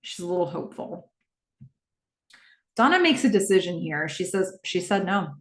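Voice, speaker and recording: A woman hosting a podcast, recapping a TV episode in a casual, animated way and quickly acting out the characters' lines. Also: lowish voice, reverberant. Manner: animated retelling with quick quoted voices of characters.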